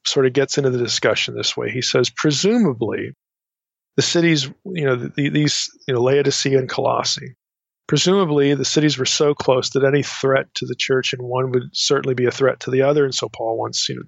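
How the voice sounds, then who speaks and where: A man teaching a Bible study lesson in an unscripted, halting way, often restarting and adding asides as he reads from commentaries. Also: medium pitch, vocal fry, breathy edge, no room sound. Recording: dry, dull lo-fi recording.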